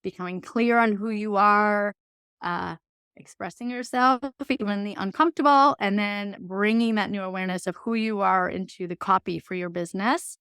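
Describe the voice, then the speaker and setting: A woman's voice: medium pitch, moderate pace, a bit bright, smooth, no echo, studio quality. A woman guest on a podcast, explaining ideas in an earnest, encouraging way. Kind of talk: casual conversation.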